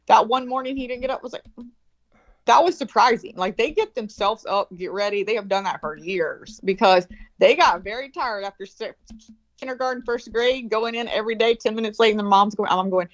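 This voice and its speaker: A woman, telling a story in a casual chat, animated and swearing freely, acting out quoted voices. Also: a little high, brisk, dry recording. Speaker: guest. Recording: dull lo-fi call audio.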